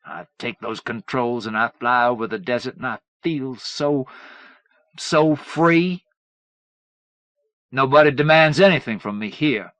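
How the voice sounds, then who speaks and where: A man's voice: mid-range voice, a little slow, pauses often, no room sound, lightly acted. A man voicing a volatile spoiled young man. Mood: boastful. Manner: petulant, erupting into shouting.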